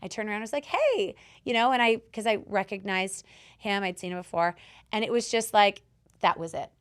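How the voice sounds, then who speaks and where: Animated, swearing woman podcast host. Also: mid-range voice, fairly quick, smooth. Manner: animated storyteller who swears and acts out quotes loudly. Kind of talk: casual chat, coaching advice.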